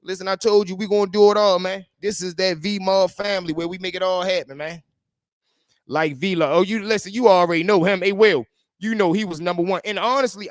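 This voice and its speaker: A man hosting a casual livestream, talking in animated slang and greeting people in the chat. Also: sits high, brisk, no echo, clean studio sound. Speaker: livestream host.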